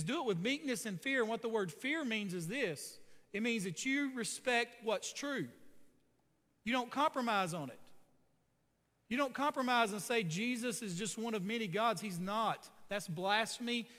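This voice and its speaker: High-voiced man preaching in an echoing church. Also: sharp tone. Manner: conversational, folksy preaching with asides and jokes. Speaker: pastor. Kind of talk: sermon.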